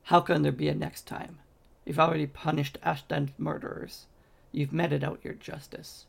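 A man's voice: fairly high pitch, flat delivery, moderate pace, gravelly. A man reading as a troubled female angel. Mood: distressed.

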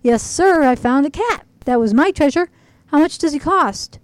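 A woman's voice: high voice, normal speed, pitched above the performer's own voice. Woman doing an eager little boy. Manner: excited and polite. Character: small eager boy who loves cats.

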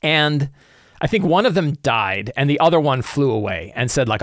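Man giving game master tips, lively up-and-down pitch, dry close sound. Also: moderate pace, dry recording. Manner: animated, acts out players' reactions. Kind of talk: casual tips talk.

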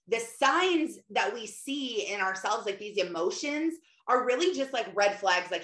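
A woman, a mother, giving an animated, casual faith talk and often acting out quotes. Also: fairly high pitch, measured pace. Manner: animated, often acts out quotes, many fillers. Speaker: mother and Christian speaker. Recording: roomy echo.

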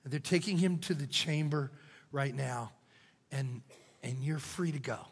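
An older man preaching a sermon as pastor, moving from loud cries to hushed whispers. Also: mid-range voice, unhurried, slightly rough. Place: church sanctuary. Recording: church hall reverb.

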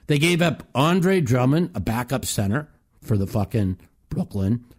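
A man's voice: mid-range voice, lively intonation, a little slow, breathy edge. A man hosting a call-in talk show, ranting profanely and animatedly about sports. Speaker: host.

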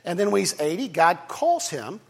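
A man's voice: high voice, very animated, moderate pace, creaky, husky. A man preaching a sermon as pastor, talking casually with jokes and restarts. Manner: conversational preaching with jokes and repetitions. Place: church sanctuary. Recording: long reverb of a church hall.

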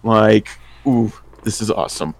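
A man playing in a tabletop role-playing game, talking in a relaxed, rambling way and laughing often. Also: lowish voice, a little slow, vocal fry. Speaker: player.

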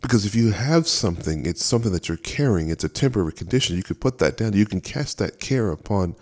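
A man's voice: on the low side, lively intonation, fast talker, darkish tone. A man preaching a sermon as a minister, earnest and fervent, often repeating and restarting phrases. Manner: speaks with fervor and emphasis.

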